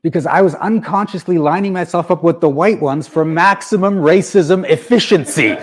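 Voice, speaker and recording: A man's voice: fairly high pitch, brisk, hardly any pauses. A man giving a motivational talk to an audience, telling stories and acting out both sides of conversations. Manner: storytelling, animated, acts out both sides of dialogues. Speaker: speaker.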